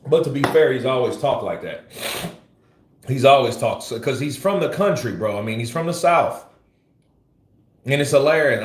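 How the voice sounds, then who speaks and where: Male boxing pundit on a live stream, mid-pitched, blunt and salty, echoey room. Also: lively intonation, moderate pace, pauses often. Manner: blunt, profane, rants while teasing. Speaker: boxing commentary host. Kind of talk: livestream commentary.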